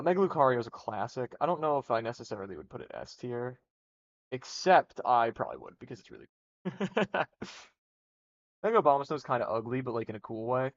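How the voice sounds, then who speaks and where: A young man streaming live, talking casually and rambling through rankings with restarts and swearing. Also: medium pitch. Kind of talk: casual livestream commentary. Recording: dull lo-fi stream audio.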